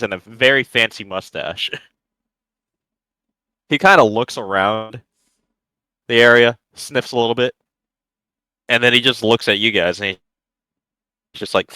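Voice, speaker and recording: A man's voice: mid-range voice, bright, forceful tone, dry recording, rough recording. Amused man describing his character. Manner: amused, with frequent laughs. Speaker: player.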